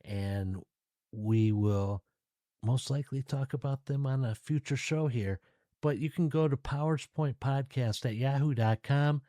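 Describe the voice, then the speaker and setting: A man hosting his own podcast, talking casually and directly to his listeners in a relaxed, chatty way. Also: mid-range voice, unhurried, no echo, studio quality. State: tired, yawning. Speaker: podcast host. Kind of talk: casual solo podcast talk.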